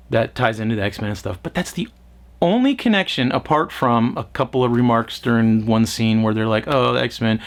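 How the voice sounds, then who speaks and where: A man reviewing a film in casual talk, rambling and sarcastic, with exasperated asides and a little swearing. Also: medium pitch. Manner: profane, mocking quoted voices. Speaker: movie reviewer.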